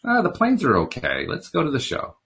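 Man putting on a higher voice, calm teasing male mystic teacher, patient and probing, husky edge, storybook reading. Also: fairly quick, heavily acted. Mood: urging. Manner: patient, instructive questioning.

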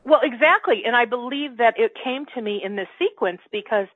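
A woman shares a personal story in relaxed spiritual conversation, slipping into her own remembered inner dialogue as she goes. Her voice sits fairly high and comes through a thin, phone-like line. The sound is close and dry. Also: brisk, no room sound. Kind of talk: casual spiritual chat.

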